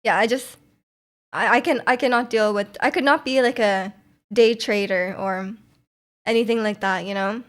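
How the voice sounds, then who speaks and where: A woman's voice: medium pitch, fairly even intonation, normal speed. A young woman streamer chatting casually with her viewers, rambling with lots of "like"s and restarts and laughing often. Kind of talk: casual chat reading chat messages.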